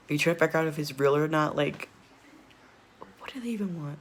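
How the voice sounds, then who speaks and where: A man's voice: on the high side, fast, long pauses, a little hiss or hum. A man casually reacting to a video, rambling, laughing often and repeatedly apologizing.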